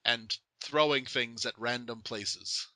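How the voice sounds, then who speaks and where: Young guy hosting an interview, jokey, laughs a lot, really bright voice. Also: mid-range voice, slow pace, no room sound. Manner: joking, laughs often. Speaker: podcast host. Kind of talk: casual interview chat.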